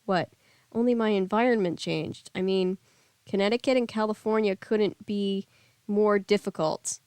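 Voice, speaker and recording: A woman's voice: medium pitch, steady tone, moderate pace, a little mellow, clear, resonant tone, no echo, natural voice. A woman voicing an upset, grieving teenage girl who sounds tearful and bitter, read aloud from a storybook.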